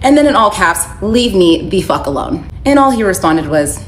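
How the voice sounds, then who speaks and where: A woman telling her own story to camera in a casual, candid and animated way, reading out texts as she goes. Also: medium pitch, normal speed, slight background noise. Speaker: storyteller recounting her divorce. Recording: echoey room, faint ambience.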